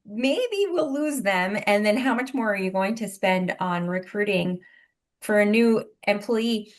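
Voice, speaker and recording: A woman co-hosting a podcast in casual chat, telling stories in a lively, chatty way with lots of "like". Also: mid-range voice, measured pace. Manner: chatty, animated storytelling with lots of "like". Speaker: podcast co-host.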